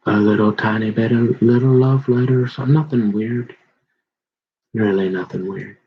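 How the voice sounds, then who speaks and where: A man talking in a rambling personal monologue, halting and restarting and often acting out bits of dialogue in a raised voice. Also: fairly low pitch, slightly rough, dull audio. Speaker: vlogger.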